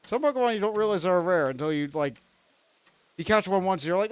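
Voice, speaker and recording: A man's voice: sits high, expressive, a little fast, clear, resonant tone, highs cut off. A young man streaming a video game, rambling and poking fun at himself while he talks to the creatures on screen. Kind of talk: let's play commentary.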